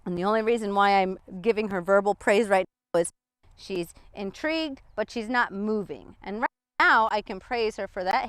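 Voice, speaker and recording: A woman's voice: normal speed, fairly bright tone, smooth, no echo. A woman dog trainer talking outdoors while walking a dog and explaining her methods, a bit out of breath. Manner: chatty, swings up high for dog praise.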